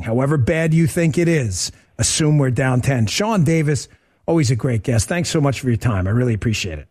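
Animated, joking male podcast host. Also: medium pitch, slightly rough. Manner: animated, joking, talks to his producer mid-show. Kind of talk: casual political rant.

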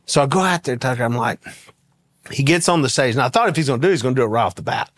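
A man telling a story in a folksy, animated way, with frequent laughs, as a guest in conversation. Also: mid-range voice, very fast, dry recording. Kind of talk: casual storytelling anecdote.

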